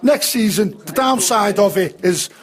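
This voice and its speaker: A man's voice: high-pitched, animated, a little slow. A man with a Liverpool accent ranting passionately about football in a heated fan chat.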